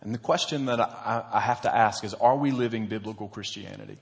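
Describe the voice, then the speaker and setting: A man's voice: lowish voice, fairly quick, creaky. A man, a church pastor, preaching a sermon in an earnest, conversational storytelling manner.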